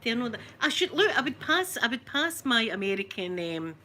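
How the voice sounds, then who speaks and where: On a livestream, an older Scottish woman talks casually with viewers, rambling, correcting herself and often laughing. Her voice is fairly high and sing-song with a sharp tone, and she speaks a little fast. There is a little hiss or hum.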